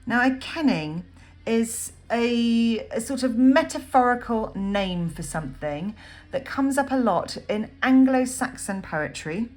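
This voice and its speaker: A woman teaching a poem in a recorded lesson, thinking aloud with frequent ums and pausing as she annotates notes on the page. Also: a little high, expressive, darkish tone. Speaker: literature teacher. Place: at a desk writing notes.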